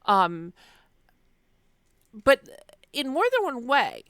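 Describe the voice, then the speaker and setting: A woman's voice: fairly high pitch, sing-song, drawn-out words, fairly bright tone, clean tone, dry recording, studio quality. A woman giving a chatty, wry lecture on medieval literature, with frequent fillers. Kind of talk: casual recorded lecture.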